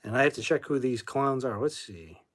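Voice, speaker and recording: A man's voice: medium pitch, animated, moderate pace, a bit bright. Man, livestream host, casual rambling chat, phone mic, angry outbursts at commenters. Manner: rambling, flares up angrily at chat commenters, swears.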